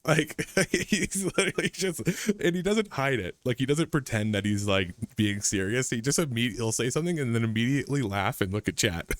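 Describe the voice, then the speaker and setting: A man's voice: medium pitch, lively intonation, moderate pace, hardly any pauses, no room sound. A man streaming a reaction, chatting casually, rambling and laughing often. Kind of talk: casual chat.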